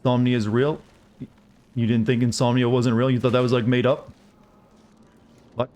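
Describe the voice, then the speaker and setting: A man's voice: medium pitch, little pitch movement, moderate pace, long pauses, darkish tone. A man with a Southern US accent chatting casually while he streams a game, rambling as he answers his chat. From Southern United States.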